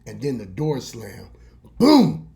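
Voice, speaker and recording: Mellow-voiced preachy man telling a story. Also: lowish voice, normal speed. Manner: preachy, folksy, animated storyteller. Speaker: vlogger and radio host. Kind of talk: casual storytelling monologue.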